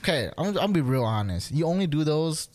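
A man's voice: a little high, big pitch swings, quick pace, a crowd in the background. A man on a casual podcast, telling an argument as a story, acting out both sides and laughing often. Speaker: podcast co-host. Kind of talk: casual chat.

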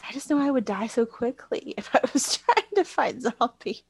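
A woman's voice: fairly high pitch, expressive, moderate pace, breathy edge, dry recording. A woman co-hosting a casual chat, teasing her friend and laughing often. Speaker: podcast co-host.

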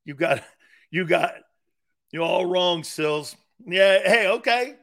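Brash, bright-voiced sports talk host. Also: male voice, high voice, slow pace. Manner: brash, joking storyteller, acts out quotes. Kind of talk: animated sports radio monologue.

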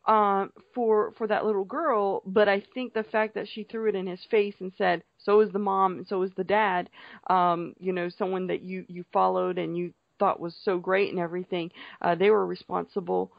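A woman's voice: medium pitch, flat delivery, moderate pace, vocal fry, hardly any pauses, dry recording. A woman co-hosting a casual podcast, a little tipsy, talking hesitantly with many restarts. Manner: hesitant, full of fillers and restarts. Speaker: podcast co-host. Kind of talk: casual TV recap chat. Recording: dull lo-fi sound, dry room.

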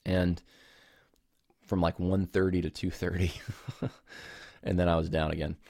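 A man's voice: sits low, little pitch movement, a little slow, gravelly, a little mellow, no echo, clean studio sound. A man hosting a podcast alone, talking casually and apologetically, rambling and restarting his sentences as he explains himself. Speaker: podcast host. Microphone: home recording setup with camera.

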